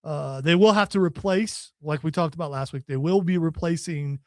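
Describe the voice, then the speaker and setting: A man's voice: fairly high pitch, moderate pace, darkish tone, dry recording. A man hosting a casual podcast, folksy and joking as he runs through event news. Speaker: podcast host. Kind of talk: casual chat.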